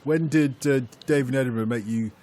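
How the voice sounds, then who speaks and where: A man's voice: medium pitch, brisk, mellow. A man hosting a radio football phone-in, reading out listener emails and coaxing his pundits with teasing banter.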